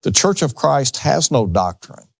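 A man's voice: mid-range voice, big pitch swings, unhurried, creaky, no room sound. A man hosting a religious talk show, preaching emphatically with rhetorical questions.

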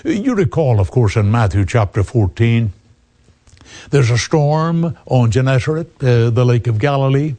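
Middle-aged guy preaching, mellow dark voice, swings up and down a lot, earnest. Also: mid-range voice, expressive, a little slow. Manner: earnest, emphatic preaching with rising quoted lines. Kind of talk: sermon.

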